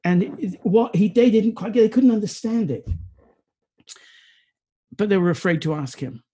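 Husky, high-voiced man preaching. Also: lively intonation, normal speed. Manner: earnest, sometimes stumbling, drops to quiet reflection. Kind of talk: sermon.

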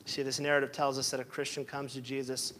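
A man's voice: medium pitch, little pitch movement, fast talker, bright, forceful tone, slight background noise. A man preaching a sermon with impassioned delivery, building to emotional peaks and near tears. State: tearful. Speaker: pastor.

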